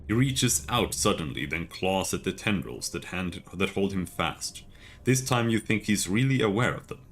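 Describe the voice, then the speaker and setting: A man streaming a video game, reading its text aloud in a steady, measured way with casual asides. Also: low-pitched, slight background noise.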